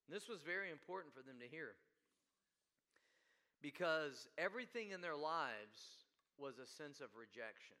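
A man preaching a sermon, telling a story and swinging from hushed asides to loud, emphatic preaching. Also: fairly high pitch, expressive, normal speed. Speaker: pastor.

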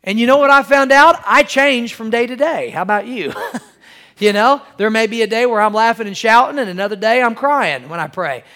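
High-voiced middle-aged preacher guy, sermon style, calls out amen a lot. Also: a little fast, pushed and bright. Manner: preacherly, calls for amens, acts out quoted wives in a high voice. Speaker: pastor.

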